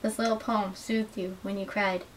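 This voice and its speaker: A young adult woman giving an earnest, measured dramatic reading of literary excerpts as a student reader. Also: mid-range voice, little pitch movement. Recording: distant mic with faint hiss.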